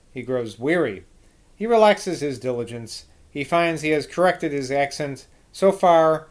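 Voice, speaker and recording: A man doing an emphatic old-time English scholar. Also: a little high. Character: stern learned 18th-century English gentleman.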